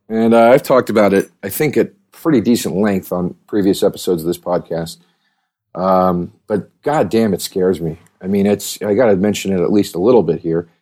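A man's voice: on the low side, warm tone. A man hosting a podcast, talking in a rambling, casual monologue full of restarts and fillers. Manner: rambling, restarts, heavy use of "like". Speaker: podcast host.

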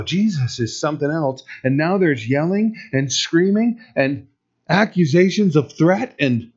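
Male pastor, slow deliberate sermon delivery, emphatic and conversational, dull lo-fi recording. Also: fairly high pitch, a little mellow. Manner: conversational, emphatic, rhetorical questions to the congregation.

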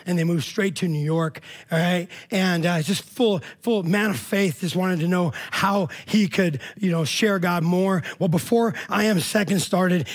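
A man preaching a sermon in a casual, emphatic way, often checking in with "all right?". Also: on the high side. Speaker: pastor.

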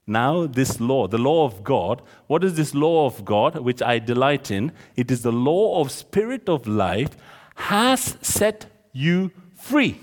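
A man's voice: medium pitch, animated, unhurried, long reverb tail. A man preaching a sermon, explaining scripture verse by verse and often checking with the congregation. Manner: expository, asks the audience questions.

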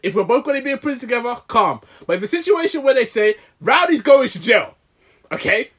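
A man with a high, bright voice and a husky edge. He talks in casual podcast banter, hammering his point home with repeated phrases. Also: big pitch swings, quick pace. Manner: emphatic, repeats himself, often laughing.

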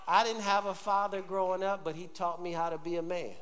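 A male pastor delivers a sermon in a high-pitched voice, pressing the congregation to respond aloud. His voice rings through a church with a long, lingering reverb. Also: fairly quick, hardly any pauses, a bit bright, slight background noise. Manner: call-and-response preaching, urging the congregation. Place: church sanctuary.

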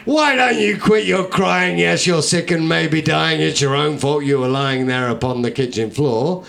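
Brief: man putting on a high-pitched, loud, sneering badger, mocking and scornful. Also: measured pace, gravelly, background noise. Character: sneering contemptuous male badger.

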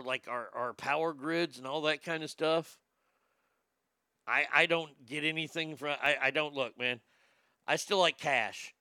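A man's voice: fairly high pitch, creaky, sharp tone, no room sound, studio quality. A man hosting a casual show, reading news headlines aloud with mock drama and swearing through joking reactions. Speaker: podcast host.

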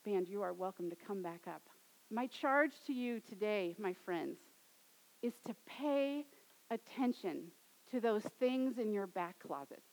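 A woman in her thirties preaching a sermon, swinging from loud, dramatic rises to soft, quiet endings. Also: medium pitch, expressive, unhurried, poor audio. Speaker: pastor.

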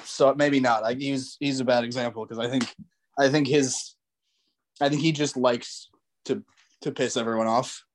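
A man's voice: medium pitch, fairly even intonation, normal speed, slight background noise. A young man in casual comedic chat, laughing easily and restarting his sentences as a co-host.

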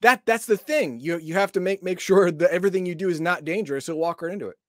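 A man's voice: high voice, quick pace, no room sound. A man co-hosting a casual chat with dry, wisecracking banter. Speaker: co-host.

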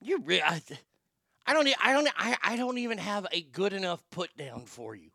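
A man's voice: sits high, expressive, normal speed, gravelly, sharp tone, no echo, clean studio sound. A man hosting a show with sarcastic, profane ranting commentary and frequent stammered restarts. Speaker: podcast host.

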